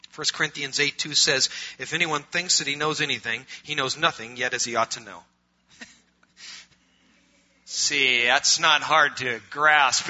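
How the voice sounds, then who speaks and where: A middle-aged male pastor preaching a sermon, swinging from loud emphatic preaching to quiet conversational asides. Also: medium pitch. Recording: muffled lo-fi recording.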